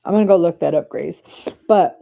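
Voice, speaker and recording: A woman hosting a live stream from her desk, chatting casually and breaking into high excited cheers, on a clip-on mic. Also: a little fast, vocal fry, highs cut off. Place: home desk. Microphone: clip-on mic in her shirt.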